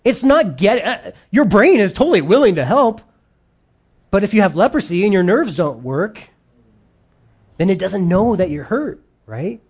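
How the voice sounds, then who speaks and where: Emphatic preacher with loud and quiet swings. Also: medium pitch, big pitch swings, normal speed, husky. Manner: reads scripture aloud in between explaining. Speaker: pastor. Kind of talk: sermon.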